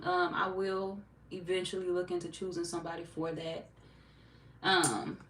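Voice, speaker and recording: A woman, streaming a tarot reading and chatting casually, telling animated stories and cussing freely. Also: low-pitched, recorded from a distance. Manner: animated storyteller, cussing freely, acting out quotes. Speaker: tarot reader streaming live. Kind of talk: casual livestream chat. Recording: echoey room, off-mic, faint hum.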